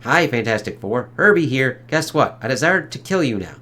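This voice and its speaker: A man's voice: medium pitch, animated, moderate pace, sharp tone. A man voicing a cheerful, polite male household robot that has been hijacked. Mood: chirpy. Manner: chirpy, polite.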